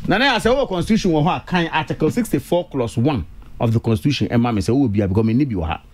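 A man's voice: mid-range voice, lively intonation, very fast, a little mellow. A Ghanaian man on a radio discussion panel, talking emphatically and repeating key words for stress.

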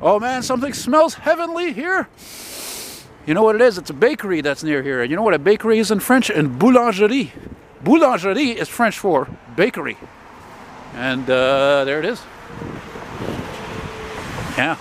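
A man with a gruff voice, walking and talking in a blunt, profane, rambling way as he films a casual vlog. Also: high voice, animated, normal speed, pauses often. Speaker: vlogger. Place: city street outdoors. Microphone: handheld camera. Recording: outdoor traffic noise. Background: street traffic.

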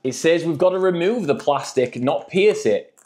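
A man's voice: a little high, lively intonation, moderate pace, background noise. A man reviewing frozen food in a jokey, chatty vlog.

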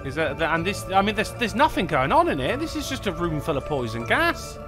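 A man's voice: high-pitched, very animated, brisk, music in the background. Man rambling over a game. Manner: rambling, swears, self-mocking. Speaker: streamer. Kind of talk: let's play commentary.

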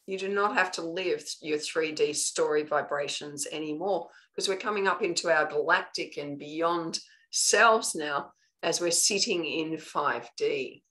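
Woman, Australian accent, somewhat low pitch, earnest spiritual teacher, live online lesson, frequent "okay" check-ins. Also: a little slow, fairly bright tone, rough recording.

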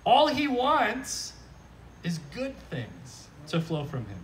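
A pastor with a high voice delivers an outdoor sermon at a slow pace, picked up from a distance. His manner is lively and humorous, chatting with the crowd and asking "right?" again and again.

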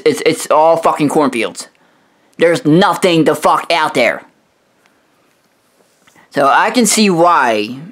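A man on a profane, aggressive rant, voice sitting a little high for a man. He swears constantly and trips over his own words, repeating the start of a phrase several times before pushing on. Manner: aggressive, swearing, repetitive stammering restarts. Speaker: video host roasting another creator.

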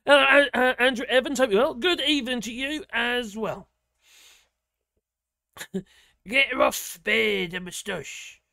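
A man's voice: very high voice, slow, gravelly, pauses often, pushed and bright, no echo, studio quality. A middle-aged man with a giggly, self-mocking manner, chatting casually as host of a live stream. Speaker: livestream host.

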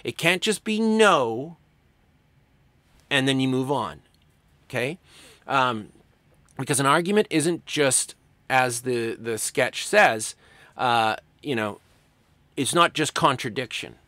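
A male college writing instructor delivers a casual recorded lecture, his pitch swinging freely as he explains. He acts out quoted lines in passing. The sound is dry and close, with no room echo. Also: lively intonation, takes it slowly, pauses often, sharp tone.

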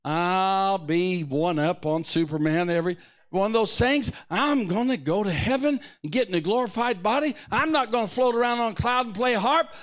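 An older man and pastor preaching a fervent sermon to a live church congregation, swinging between loud shouted bursts and quiet asides. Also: high-pitched, moderate pace.

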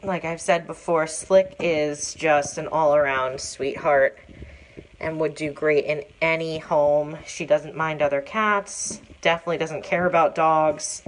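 Low-voiced woman cooing at shelter cats. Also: steady tone, unhurried, a little hiss or hum. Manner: coos to the cats in a high sing-song voice between plain explanations. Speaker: animal shelter manager. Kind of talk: live-streamed shelter tour. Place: cat room of an animal shelter, indoors.

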